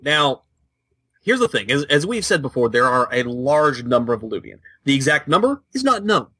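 A man's voice: mid-range voice, big pitch swings, normal speed, bright, forceful tone, breathy edge, dry recording. A man co-hosting a casual video game podcast, emphatic and argumentative, sure of his points. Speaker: podcast co-host. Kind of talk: casual chat about video games.

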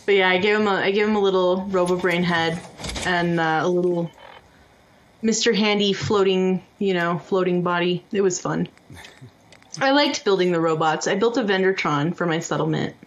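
A woman's voice: on the low side, moderate pace, dull audio. A woman co-hosting a podcast in casual chat, laughing often and reading out comments from the chat. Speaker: podcast co-host.

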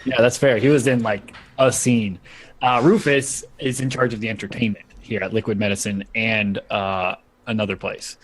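A man's voice: lowish voice, fairly even intonation, moderate pace. Rambling, laughing male game master. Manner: rambling, laughing often, lots of fillers. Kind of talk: narrating a tabletop game.

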